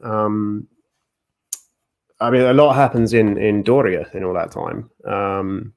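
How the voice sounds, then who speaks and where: A man with a fairly low voice talks things through in a casual chat, pausing on fillers. He is thoughtful and drops in dry, facetious asides. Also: fairly even intonation, vocal fry, darkish tone. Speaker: guest discussing Tolkien lore.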